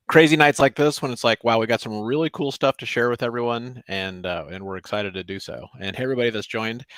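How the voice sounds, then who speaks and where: A man's voice: lowish voice, fairly bright tone, no room sound. A man hosting a live trading webinar, talking casually and rambling with many fillers. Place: home office in Austin.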